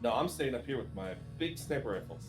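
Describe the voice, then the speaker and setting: A man's voice: medium pitch, animated, quick pace, echoey room, over music. A man playing a tabletop game, joking around and swearing freely. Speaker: player. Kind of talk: casual tabletop game chat.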